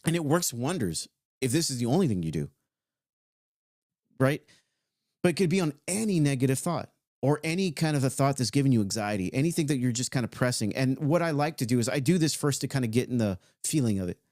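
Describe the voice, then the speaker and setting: A man's voice: medium pitch, expressive, darkish tone, dry recording, studio quality. Man in a casual self-help talk. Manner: loose and conversational, with swearing and slow stretched-out phrases.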